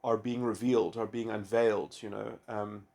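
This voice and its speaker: A man giving a rambling philosophical monologue, halting often and filling gaps with restarts. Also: fairly low pitch, flat delivery, gravelly, a little mellow. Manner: halting, full of restarts and "you know". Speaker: video essayist.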